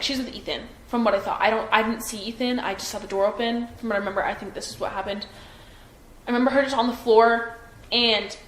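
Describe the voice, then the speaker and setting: A young woman in her twenties giving a police interview, hesitant and full of fillers and restarts. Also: a little high. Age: 20s. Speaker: witness being interviewed by police. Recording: roomy room echo with faint noise.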